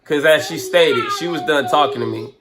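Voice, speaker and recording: A man's voice: a little high, moderate pace, very noisy. A man in his twenties chatting casually on a vlog, laid-back and joking with a slightly boastful tone. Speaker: vlogger, co-host. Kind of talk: casual storytelling.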